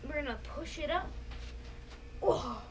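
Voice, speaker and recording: A woman's voice: sits high, lively intonation, a little slow, background noise. A young woman making a casual home vlog, playful and jokey, often dropping to a whisper. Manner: playful, jokey, swings between loud and whispering. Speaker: vlogger. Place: at home, partly outdoors. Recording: music playing clearly behind.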